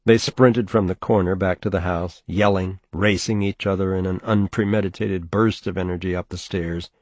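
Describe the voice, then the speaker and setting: A man narrating a novel in a measured, steady audiobook reading on a close mic. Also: low voice, no echo. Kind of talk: scripted narration.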